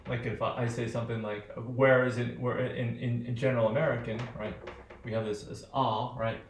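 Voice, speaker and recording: A man's voice: medium pitch, little pitch movement, a little fast, a little hiss or hum. A man teaching English pronunciation in a loose lecture, thinking aloud with many fillers and repeated "right?" checks. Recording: echoey room.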